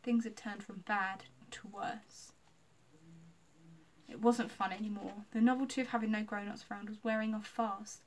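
A woman reading a children's story aloud, lively and expressive. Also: medium pitch, moderate pace, far from the mic, a little hiss or hum.

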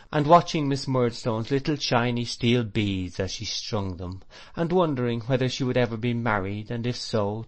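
A man narrating a classic novel as an audiobook, in a measured, reflective, expressive reading voice. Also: medium pitch. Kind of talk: scripted literary narration.

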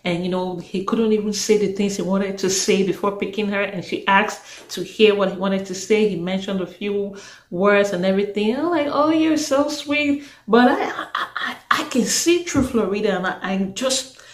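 A talkative woman from Africa recaps a reality show in a casual vlog, often breaking into exclamations and laughter. Her voice sits at a middle pitch. The recording carries a noticeable roomy echo. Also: normal speed.

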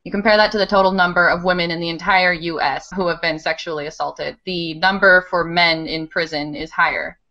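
A woman's voice: on the low side, fairly even intonation, fairly quick, few pauses, sharp tone, low-quality recording. A woman guest in an interview, explaining her plans earnestly. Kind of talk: interview conversation.

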